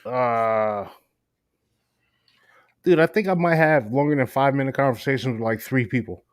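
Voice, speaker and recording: A man's voice: medium pitch, normal speed, no echo, clean studio sound. A man co-hosting a casual talk show, telling workplace stories in a laid-back, swearing way and acting out customers. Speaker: podcast co-host. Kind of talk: casual chat. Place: works at a gas station in New York City.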